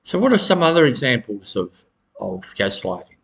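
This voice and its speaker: Middle-aged man, husky mid-pitched voice, halting advice monologue with chuckles. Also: sing-song, a bit bright. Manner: halting, repeats words, chuckles often. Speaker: self-help educator.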